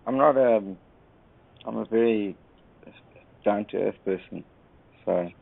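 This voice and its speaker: A man calling in to a radio chat, soft-spoken, agreeable and earnest. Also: fairly low pitch, slow pace, creaky, dry recording. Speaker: caller. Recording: dry tinny phone-like line.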